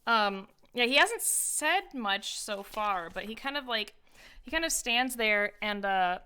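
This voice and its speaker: Woman dm running a tabletop game, bright crisp voice, chatty, lots of ums. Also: mid-range voice, animated, a little slow. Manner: chatty, laughing, hesitant with fillers. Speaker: dungeon master.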